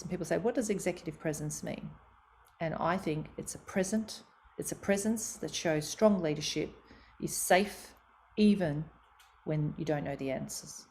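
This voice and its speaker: A woman's voice: lowish voice, warm tone, slight background noise. A middle-aged Australian woman giving a motivational talk on communication, acting out quoted voices with expression. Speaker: speaker on communication.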